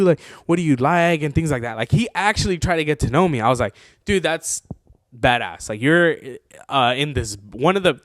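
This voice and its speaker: A young man hosts his own podcast, telling a story in a loose, rambling way packed with fillers. His voice sits in an ordinary middle pitch and gets excitable as he talks. The sound is close and dry, with no room echo. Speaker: podcast host. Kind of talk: casual storytelling.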